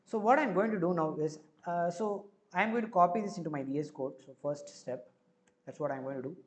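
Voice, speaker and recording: A high-voiced man with an Indian accent streams himself coding live. He walks through each step as he goes, dropping in filler words whenever he pauses.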